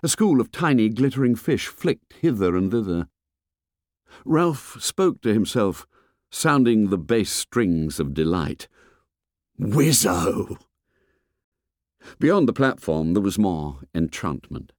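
A man reading a novel aloud as an audiobook narrator, in an expressive storytelling manner. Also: lowish voice, a little slow, dry recording, clean studio sound. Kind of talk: scripted narration.

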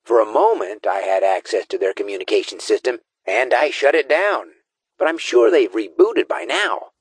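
A man's voice: on the low side, expressive, normal speed, breathy edge, no room sound, voice pushed up. A man voicing a talkative, fretful male tech specialist marine in an audiobook. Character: eager male techie marine who runs robots.

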